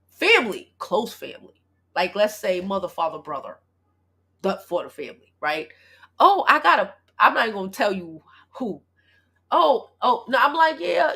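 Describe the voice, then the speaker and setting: Woman, 30s, from Brooklyn: gravelly, husky livestream host, blunt and profane, talking fast and animated. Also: mid-range voice. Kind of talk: casual livestream chat.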